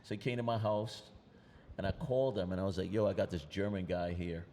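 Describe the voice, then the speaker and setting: A middle-aged man talks in a low register. He tells loose, streetwise stories and acts out what people said. His voice carries a long reverb. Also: fairly even intonation, brisk, warm tone, a little hiss or hum. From New York. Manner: loose, streetwise storytelling with acted-out quotes. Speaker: panelist, graffiti artist. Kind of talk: anecdotal storytelling on a panel. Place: outdoor panel event. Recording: long reverb in a large space.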